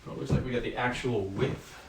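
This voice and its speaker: A man's voice: mid-range voice, fast, creaky, a little hiss or hum. Breathless man in an echoey bedroom. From Northeast US. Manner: relaxed, rambling with many ums. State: sweaty and slightly out of breath. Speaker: livestream host. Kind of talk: casual product unboxing. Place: bedroom at home. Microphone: camera mic across the room. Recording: echoey room, far from the mic.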